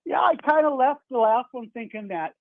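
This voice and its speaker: A man's voice: very high-pitched, lively intonation, moderate pace, dry recording. A man calling into a sports radio show, chatting about his team in a rambling way, heard over a phone line. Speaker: caller.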